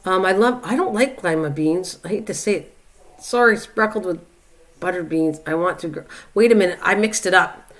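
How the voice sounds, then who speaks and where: A woman's voice: lowish voice, normal speed. An older woman hosting a live stream in a casual, rambling way, reading out viewer comments and chatting back to them. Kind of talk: casual chat.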